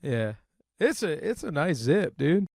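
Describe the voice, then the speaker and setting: A young man with a fairly high voice, swearing and laughing through crude podcast banter. He jumps into acted-out quotes and sounds sweaty and hot. The sound is close and dry. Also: sing-song, measured pace, gravelly, a little mellow, breathy edge, no room sound. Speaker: podcast co-host.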